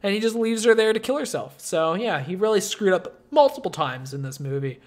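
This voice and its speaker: A man co-hosting a casual film review chat, animated and laughing often. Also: high-pitched, brisk. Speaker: podcast co-host.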